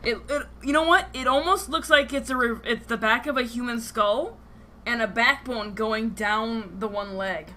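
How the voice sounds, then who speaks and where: Woman GM host, bright tense tone, loose and profane. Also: fairly high pitch, moderate pace, a little hiss or hum. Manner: filler-heavy, joking, swears freely. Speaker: game master and streamer. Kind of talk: casual live-stream chat.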